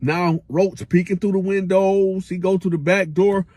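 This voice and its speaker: A man's voice: sits high, steady tone, unhurried, darkish tone, dry recording. A man telling a casual storytime tale in slangy speech, acting out the quotes and making sound effects with his voice.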